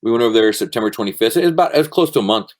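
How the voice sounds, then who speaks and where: Middle-aged male guest with a lowish voice; relaxed, rambling anecdotes with fillers and swearing. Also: very fast. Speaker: guest, former Army Ranger. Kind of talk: casual storytelling interview.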